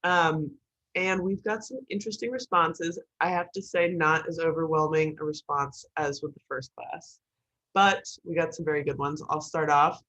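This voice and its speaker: A woman instructor giving an online writing class in a joking, lively way, over a video call. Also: low-pitched, moderate pace, muffled recording.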